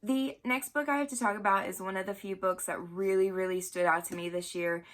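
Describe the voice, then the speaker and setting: A woman's voice: mid-range voice, fairly even intonation, brisk. Gushing, chatty woman reviewing books. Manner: gushing, chatty, with fillers and self-corrections. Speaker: book vlogger. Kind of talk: casual book review talk.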